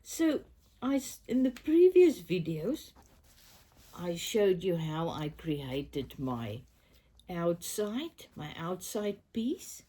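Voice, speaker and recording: Lying in bed in her bedroom, a South African crafting vlogger still getting over a cold coughs as she talks casually to camera. She sounds husky, mellow, upbeat, and affirming, speaking slowly with big pitch swings and occasional soft whispers.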